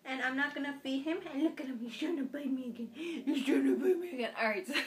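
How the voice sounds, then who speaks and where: Young woman vlogger, high voice, chatty and playful, baby talk with her dog. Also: quick pace. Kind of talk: casual chat to camera.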